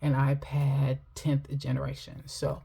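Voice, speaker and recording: A woman's voice: a bass voice, completely flat delivery, unhurried, creaky, mellow, breathy edge. A middle-aged woman telling a personal story while chatting casually to camera about her finances, laughing often.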